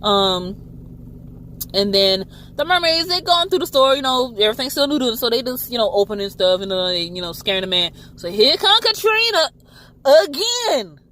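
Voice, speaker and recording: A woman casually recapping a TV episode, animated and swearing freely. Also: medium pitch, fairly quick, slight background noise. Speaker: TV show reviewer.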